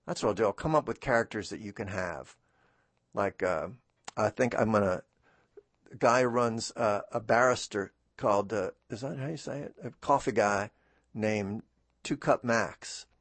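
A man's voice: fairly low pitch, normal speed, a bit bright, no room sound. Rambling man hosting a radio show. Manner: chatty, self-deprecating, many fillers and restarts. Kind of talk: rambling solo radio talk. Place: radio studio. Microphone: studio microphone.

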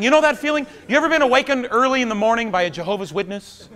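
A man in his thirties performing a stand-up monologue, wry and storytelling, breaking into loud exasperated punchlines. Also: extremely high pitch, lively intonation, fast talker, few pauses, crowd noise, background noise. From Pacific Northwest of the US. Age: 30s. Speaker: stand-up comedian. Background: audience laughter.

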